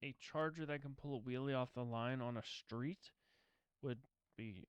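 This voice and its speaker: A man's voice: mid-range voice, normal speed, clear, resonant tone, no room sound. A man co-hosting a casual movie-breakdown podcast, asking wry questions and giving car-savvy commentary. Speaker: podcast co-host.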